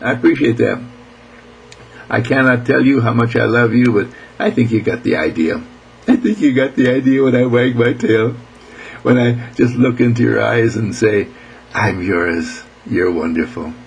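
A man speaking for his young pet dog in a hushed, tender way. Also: mid-range voice, moderate pace, creaky, highs cut off, a little hiss or hum, lightly acted.

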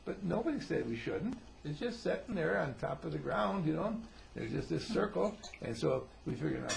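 Gravelly, animated man giving a talk. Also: on the high side, fairly quick, slight background noise. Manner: animated, acts out quotes in voices. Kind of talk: informal lecture on behaviour.

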